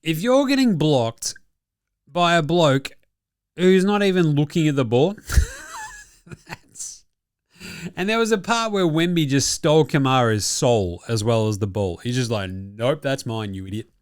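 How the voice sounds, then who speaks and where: Jokey, crude Australian bloke hosting a basketball recap; animated, dry recording. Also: male voice, on the high side, unhurried, long pauses, clean tone, no room sound. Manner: profane, jokey, laughs often. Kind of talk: casual sports recap commentary.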